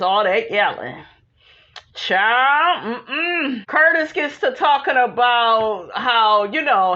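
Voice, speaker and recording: A woman giving a casual, sassy recap of a reality TV episode, full of asides and exclamations. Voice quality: animated, sassy, dramatic pitch jumps. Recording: dull lo-fi recording.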